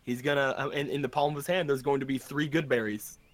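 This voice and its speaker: A man at a tabletop game, halting and restarting as he narrates what his character does, with a mid-pitched, ordinary voice. He switches easily between describing and speaking in character. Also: steady tone. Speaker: player. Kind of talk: tabletop role-play, in and out of character.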